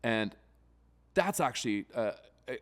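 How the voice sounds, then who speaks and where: A man's voice: mid-range voice, unhurried. A man co-hosting a podcast in casual, profane conversation, often acting out other people's voices. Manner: profane, animated, acts out voices. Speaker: podcast co-host.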